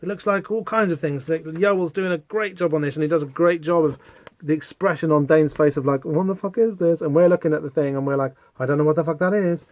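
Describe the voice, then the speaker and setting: A man's voice: on the high side, dry recording. Man, podcast host, casual comic commentary, fillers, dry muffled sound. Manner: chatty, reads quotes aloud with hesitant fillers.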